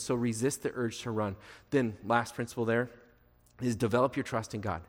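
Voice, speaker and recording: A man's voice: mid-range voice, steady tone, moderate pace. Man preaching in a reverberant hall. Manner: repeats key phrases, asks the congregation questions. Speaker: pastor. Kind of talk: sermon.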